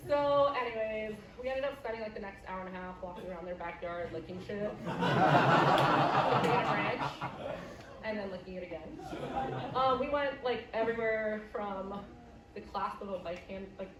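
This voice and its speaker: A young woman from the Midwest doing stand-up, brash and deadpan, dropping swear words into her punchlines. She is picked up from a distance in a roomy, echoing club. Loud audience laughter and noise fill the gaps. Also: medium pitch. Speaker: stand-up comedian. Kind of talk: stand-up storytelling. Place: comedy club stage.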